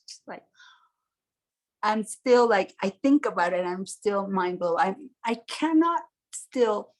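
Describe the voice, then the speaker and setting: Woman host, moon-circle talk, casual and animated, laughs often, mid-pitched. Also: slow, pauses often. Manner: animated storytelling with frequent laughs; giddy, emphatic. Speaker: full moon gathering host. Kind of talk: casual spiritual talk to a group.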